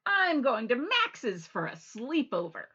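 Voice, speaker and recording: A woman voicing an excited young boy frog in a storybook reading, shrill and exclaiming. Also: takes it slowly, breathy edge, muffled recording, exaggerated voice. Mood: exuberant.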